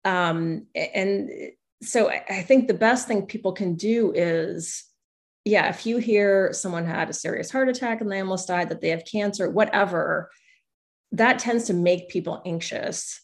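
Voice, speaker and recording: A woman's voice: medium pitch, unhurried. A woman guest speaking candidly and reflectively in an interview, often acting out what other people said to her. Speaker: guest, newspaper columnist.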